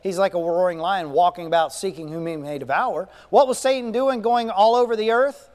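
Male preacher, high-pitched for a man, emphatic and repetitive, recorded with heavy hall reverb. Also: a little fast, darkish tone. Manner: emphatic, repeats key phrases, asks rhetorical questions. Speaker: pastor. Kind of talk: sermon. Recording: long echoing reverb.

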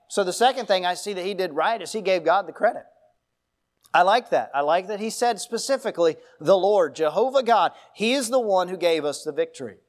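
High-voiced man preaching a sermon. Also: lively intonation, fairly quick. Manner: preaching with folksy asides and storytelling. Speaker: pastor. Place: church.

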